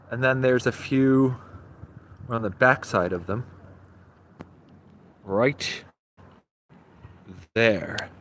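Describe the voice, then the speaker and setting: A live-streaming travel vlogger tours a small seaside village outdoors, talking into a handheld phone. He's unhurried and chatty, trailing off between phrases, with a slightly high, somewhat bright voice.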